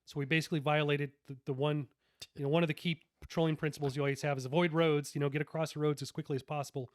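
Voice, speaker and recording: A man's voice: on the high side, little pitch movement, very fast. Slangy middle-aged man telling war stories. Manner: laid-back and slangy, many fillers and restarts. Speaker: retired army officer, podcast guest. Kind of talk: casual war storytelling in an interview.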